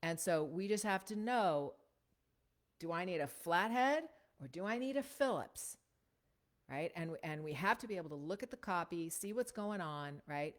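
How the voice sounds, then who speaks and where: A woman teaching voiceover technique in a casual, conversational way, often checking in with a quick "right?". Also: on the low side, expressive. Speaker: voiceover coach.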